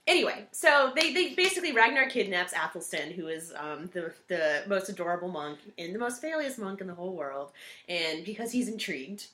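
A woman co-hosting a casual chat, quick and chatty, often laughing. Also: fairly low pitch, lively intonation, sharp tone. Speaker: podcast co-host. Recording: echoey room.

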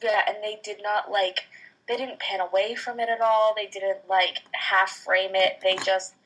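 A woman's voice: medium pitch, steady tone, measured pace, a bit bright, low-quality recording. A woman in casual podcast chat, earnestly retelling a TV scene with lots of fillers. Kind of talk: casual chat recapping a TV show.

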